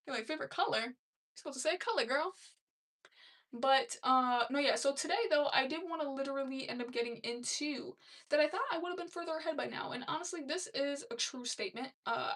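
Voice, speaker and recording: A woman's voice: a little high, fairly bright tone, recorded from a distance. A young woman hosting a casual live stream, chatting loosely and laughing as she reads comments aloud. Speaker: livestream host.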